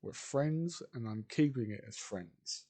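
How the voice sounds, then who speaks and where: A man's voice: mid-range voice, expressive, unhurried, dark tone. A man voicing a cocky teenage boy who answers his parents bluntly. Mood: dismissive.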